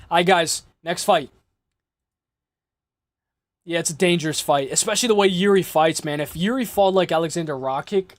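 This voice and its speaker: A man hosting a casual livestream, rambling and cursing as he makes fight picks, his voice hoarse and worn out. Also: a little high, dry recording. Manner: rambling, repeats himself, curses freely. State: lost his voice. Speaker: livestream host.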